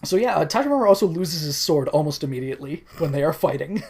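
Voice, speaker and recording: A man's voice: on the high side, animated, fast, a crowd in the background. A young man talking through a film with his co-host, easygoing and unscripted. He fills his sentences with "uh" and "like" and laughs as he goes. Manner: recaps scenes loosely, acting out the characters' lines; lots of fillers, chuckles mid-sentence. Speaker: podcast co-host. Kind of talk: casual movie discussion.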